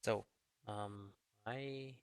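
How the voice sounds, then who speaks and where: A young man streaming a fantasy football update in casual chat, talking low and half-whispered in a hallway indoors. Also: steady tone, extremely slow. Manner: low, half-whispered talk, chatting with viewers.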